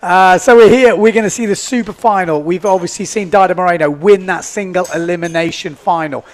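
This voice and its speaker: A man's voice: high-pitched, fairly even intonation, fairly quick, darkish tone. A man commentating live at a sports event, chatty and upbeat, often repeating himself as he thinks aloud. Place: indoors at a beachside event.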